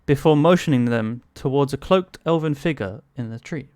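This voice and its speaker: A man's voice: medium pitch, normal speed, a little mellow, dry recording, studio quality. A man narrating a tabletop game as game master, hesitant, with many fillers.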